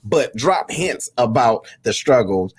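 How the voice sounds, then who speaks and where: A man's voice: mid-range voice, slow pace, husky, dry recording. A man hosting a casual talk show, slangy and preachy, often calling out to his audience. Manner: animated, preachy, slangy, fond of calls to the audience. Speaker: show host.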